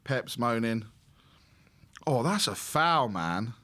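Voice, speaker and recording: A man hosting a live match watch-along, reacting with loud exclamations and reading out viewer messages. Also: medium pitch, very animated, slow. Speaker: host of a fan watch-along stream.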